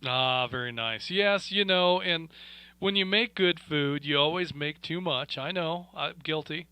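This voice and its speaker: A man hosting an amateur radio net with a bright, forward voice. He talks in a relaxed, folksy way, full of fillers. The tone stays friendly and conversational. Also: a little high, unhurried, smooth, poor audio. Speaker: radio net control host. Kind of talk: casual radio net chat.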